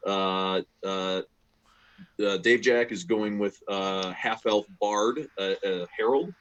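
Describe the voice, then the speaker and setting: A man's voice: fairly low pitch, slow pace, fairly bright tone, highs cut off. A man acting as game master in a casual online session, talking hesitantly with many ums.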